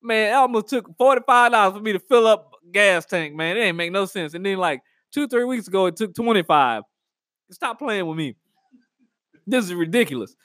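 A man riffing through a casual comedic monologue, animated and rambling, laughing at his own jokes. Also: high voice, normal speed, no room sound, studio quality. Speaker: comedic vlogger.

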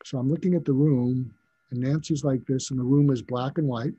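An older man with a husky, mellow voice recounts stories from his work as a psychiatrist. He speaks reflectively, pausing and restarting his sentences. The recording is dry and a little dull. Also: mid-range voice, fairly even intonation, dry recording. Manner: reflective, halting, with frequent restarts. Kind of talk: personal storytelling in a conversational interview.

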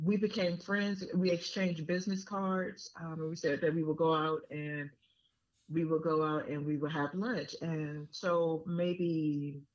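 A woman guest on a podcast, casually telling a story with lots of fillers and restarts. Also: sits low. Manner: chatty, many fillers and restarts. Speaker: podcast guest, business owner. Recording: muffled lo-fi sound.

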